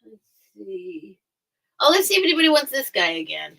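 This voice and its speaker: A woman's voice: mid-range voice, sing-song, moderate pace, creaky, sharp tone. A woman hosting a live online sale, chatting casually and rambling as she shows off her items, often breaking into giggles. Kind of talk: casual live-stream sales chat.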